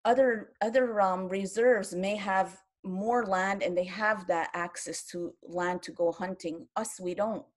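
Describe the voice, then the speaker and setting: A woman's voice: medium pitch, steady tone, unhurried, hardly any pauses. A woman in her fifties from Quebec, speaking as a panelist in an online round-table, earnest and impassioned, often restarting her sentences. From Quebec, Canada. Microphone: video call.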